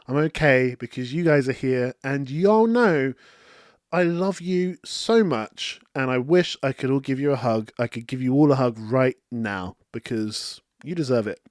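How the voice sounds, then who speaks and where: A man hosting a casual, chatty movie review, talking excitedly and often saying "like". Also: medium pitch, no room sound, clean studio sound. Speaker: film review host.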